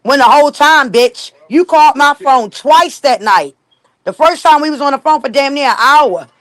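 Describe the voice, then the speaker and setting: A young woman with a strikingly high voice talks in casual gossip chat. She is blunt and profane and tells long stories without holding back. The sound is dry and close. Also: moderate pace, fairly bright tone, no echo. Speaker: gossip guest.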